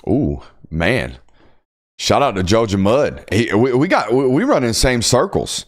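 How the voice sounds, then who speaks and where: A man's voice: mid-range voice, measured pace. A young man hosting a football podcast, talking casually and emphatically, sometimes ranting. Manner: animated, emphatic, ranting at times. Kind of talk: casual sports talk.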